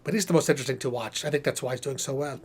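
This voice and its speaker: A man's voice: mid-range voice, very fast, breathy edge, natural voice. A man voicing a theatrical, self-important male puppet professor hosting a live stream Q&A, rambling and breathless. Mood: chatty. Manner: animated, theatrical, rambling asides. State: out of breath, exhausted. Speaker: puppet host.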